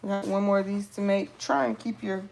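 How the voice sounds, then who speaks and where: A woman hosting a casual live sewing tutorial, chatting to her viewers as she cuts vinyl pieces, with features and frequent excited exclamations. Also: medium pitch, brisk, gravelly, slight background noise.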